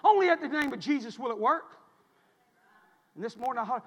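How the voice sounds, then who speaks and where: A man preaching a sermon, swinging from quiet storytelling to shouted preaching. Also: extremely high pitch, animated, quick pace, pauses often, long reverb tail, dull audio. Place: church.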